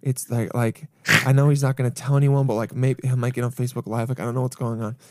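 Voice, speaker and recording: A man's voice: mid-range voice, fast talker, a little hiss or hum. A man in casual comedic chat, telling a story with acted-out quotes and frequent laughs. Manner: animated storytelling, acts out quotes, laughs often.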